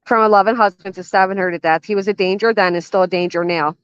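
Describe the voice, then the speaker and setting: A woman's voice: mid-range voice, steady tone, quick pace, clean tone, no room sound. An older woman hosting a reaction commentary channel, blunt, sarcastic and swearing freely, recorded outdoors by a garden fence. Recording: dull, dry lo-fi sound.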